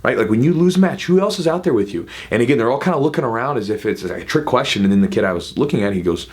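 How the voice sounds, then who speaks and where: A man in his thirties, a jiu-jitsu coach, talking casually to camera with quick asides and frequent "right?". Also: medium pitch, expressive, a little mellow. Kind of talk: casual advice talk to camera.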